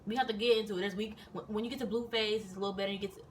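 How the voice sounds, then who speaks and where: A young woman and soldier telling stories in a casual, animated, profane and rambling chat, recorded indoors. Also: medium pitch, very fast. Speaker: vlogger and soldier. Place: indoors in Korea. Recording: distant mic with faint noise.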